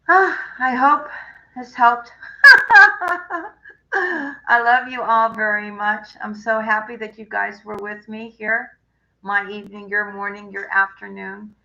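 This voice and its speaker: A woman tarot reader talking warmly to viewers on a live stream, chatty and affectionate, often checking in with "right?". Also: medium pitch, vocal fry, muffled recording.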